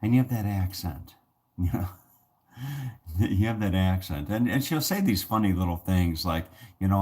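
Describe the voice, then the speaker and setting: A man's voice: deep voice, moderate pace, long pauses, darkish tone. A man talking to camera in a casual, rambling vlog, full of fillers and restarts. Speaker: vlogger.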